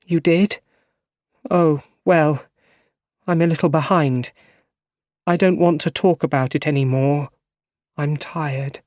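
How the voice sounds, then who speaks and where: A man's voice: on the high side, steady tone, slow pace, pauses often, darkish tone, dry recording, voice pushed up. A man doing a tired, tearful old aunt. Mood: drowsy. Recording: dry close recording.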